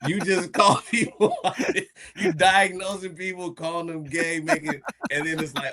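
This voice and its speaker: A man's voice: a little high, steady tone, normal speed, crowd noise. A man chatting casually as a podcast host, rambling with many restarts, laughing and acting out quotes. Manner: rambling, stop-start, laughs often, acts out quotes. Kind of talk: casual chat.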